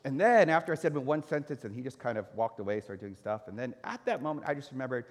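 A man's voice: mid-range voice, fast. A man who is a pastor, telling a personal story in a sermon and acting out his own reactions. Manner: animated storyteller, acts out his own anger. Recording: echoey hall reverb.

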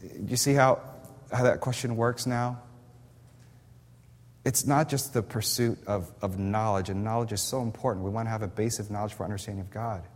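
A man's voice: lowish voice, fairly even intonation, normal speed. A man preaching a sermon as a pastor, impassioned and emphatic, repeating words as he builds his points. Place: church sanctuary. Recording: echoey hall reverb.

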